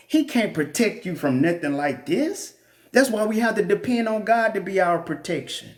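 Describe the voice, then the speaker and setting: A man reading the Bible aloud and commenting in a blunt, joking, preacherly way. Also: high-pitched. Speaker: Bible teacher.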